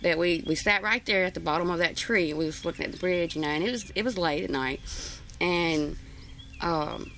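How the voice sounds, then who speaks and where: A woman's voice: lowish voice, normal speed, fairly bright tone, slight background noise. A woman telling a story from her past in a rambling, folksy way, with many fillers. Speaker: interviewee. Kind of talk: casual storytelling.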